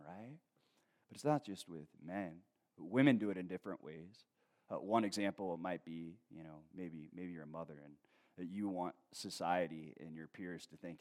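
A man's voice: deep voice, moderate pace. A man preaching a conversational sermon, reading scripture and then talking to the congregation casually, acting out voices from everyday life. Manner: conversational preaching with asides and laughs; animated, acts out quoted voices. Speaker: pastor.

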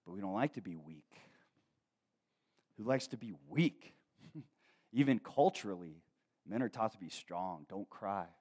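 A man's voice: fairly low pitch, measured pace, pauses often. A man preaching a conversational sermon, reading scripture and then talking to the congregation casually, acting out voices from everyday life. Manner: conversational preaching with asides and laughs; animated, acts out quoted voices. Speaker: pastor.

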